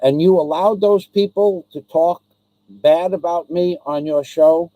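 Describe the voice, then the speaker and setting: A man hosting his own live stream talks straight to a viewer, aggrieved and repetitive, stopping often on ums and restarts. His voice sits a bit high yet sounds mellow. The recording is close and dry, with no room echo. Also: fairly even intonation, unhurried. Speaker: livestream host.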